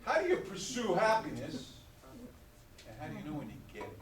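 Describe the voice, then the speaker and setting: Older new york guy pumping up a bunch of kids, voice swinging up and down a lot, kinda high, sounds far off in a big echoey hall. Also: fairly quick, crowd noise. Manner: animated, joking, asks the audience to call back. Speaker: guest speaker at a school graduation. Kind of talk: motivational talk to students. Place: school hall.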